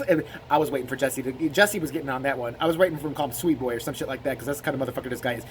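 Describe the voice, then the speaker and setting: A man's voice: mid-range voice, rapid-fire, hardly any pauses, a little hiss or hum. Rambling profane male commentator. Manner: rambling, profane, laughing asides. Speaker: video commentator.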